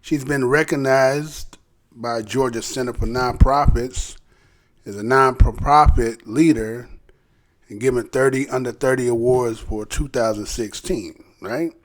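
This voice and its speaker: A man's voice: mid-range voice, measured pace. Rambling male channel host. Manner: rambling, loose, full of fillers and tag questions. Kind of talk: casual news commentary.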